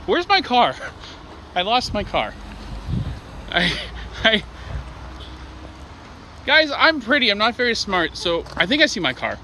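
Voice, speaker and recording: A man's voice: sits high, big pitch swings, slow pace, long pauses, sharp tone, slight background noise. A young man vlogging casually while out and about, joking and rambling in a chatty way. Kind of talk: casual vlog chat.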